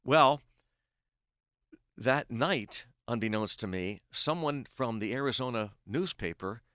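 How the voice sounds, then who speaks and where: A man's voice: medium pitch, takes it slowly, no room sound. Middle-aged guy, sports announcer telling stories on a podcast, acts out the dialogue, dry close mic. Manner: animated storyteller who acts out quoted dialogue. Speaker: guest, baseball play-by-play announcer. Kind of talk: casual podcast storytelling.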